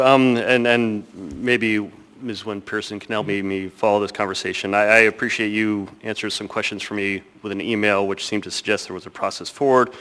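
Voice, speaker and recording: A man asks questions in an assembly chamber, hesitant and repeating his words. His voice is low yet bright. The hall adds a long reverb. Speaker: assembly member. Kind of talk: formal public meeting questions.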